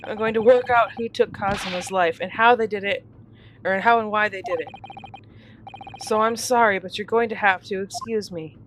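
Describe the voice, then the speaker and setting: A woman's voice: medium pitch, normal speed, noisy background, natural voice. A woman voicing an earnest young male law student, shaken but determined, reading a game scene in her own voice. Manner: pleading, then resolute. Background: game music.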